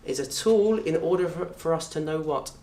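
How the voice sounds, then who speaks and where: A man with a southern English accent and a slightly high voice teaches an Arabic course to an open day audience in a lecture room, speaking at normal speed. He's lively, quizzing listeners and acting out little scenes, while a distant mic picks up roomy echo.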